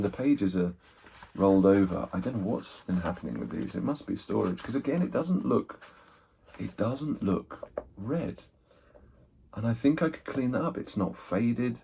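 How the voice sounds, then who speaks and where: A man's voice: sits low, vocal fry, a little mellow, husky. A man chatting casually and rambling as he unboxes and sorts a haul of old books, thinking aloud and poking fun at himself. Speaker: book collector, channel host.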